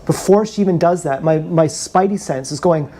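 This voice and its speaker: A man's voice: on the high side, normal speed, mellow, slight background noise. A man ranting bitterly and with contempt on a live stream, often repeating himself, filmed on an action camera. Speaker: vlogger.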